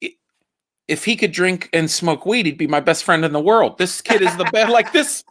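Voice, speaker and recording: A man in his thirties, a comedian guest chatting casually and excitably, swearing and joking about his kids. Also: high voice, moderate pace, slight background noise. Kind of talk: casual podcast chat.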